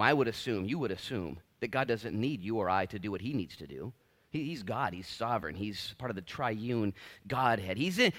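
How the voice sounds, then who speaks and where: Lively preacher, bright voice. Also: male voice, medium pitch. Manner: animated, acts out voices in his stories. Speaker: pastor. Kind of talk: sermon.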